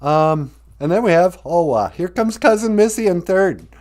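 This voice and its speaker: A man's voice: high-pitched, lively intonation, moderate pace, darkish tone. A man hosting a casual live stream, joking, greeting viewers by name and laughing often. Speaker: live stream host teaching Ojibwe.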